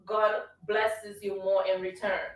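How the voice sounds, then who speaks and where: A woman's voice: medium pitch, flat delivery, takes it slowly, distant mic. Emphatic woman, roomy sound. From Trinidad. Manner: emphatic, preachy, keeps asking "you understand?". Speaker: radio show host. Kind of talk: motivational casual talk.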